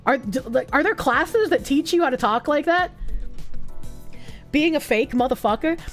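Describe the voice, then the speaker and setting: A woman's voice: sits high, lively intonation, moderate pace, soft background music. A woman streamer chatting casually and reading viewer comments, rambling and joking, often laughing and swearing.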